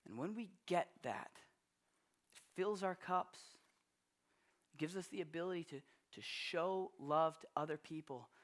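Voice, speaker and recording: A man's voice: fairly high pitch, measured pace, fairly bright tone. A man in his thirties from Long Island, New York, preaching a sermon as a pastor in a conversational, storytelling way with frequent restarts.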